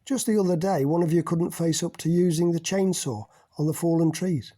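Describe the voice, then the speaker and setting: A forceful middle-aged leader lectures and accuses, rising hard on his key words, as a man reads him. The voice is husky and mellow, a little high for a man. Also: fairly quick, lightly acted. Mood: scornful.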